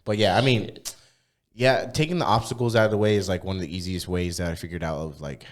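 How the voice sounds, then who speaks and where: A young man co-hosting a podcast, telling stories in casual, slang-heavy chat with lots of swearing, and getting loud when he gets worked up. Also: low voice, quick pace. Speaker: podcast co-host.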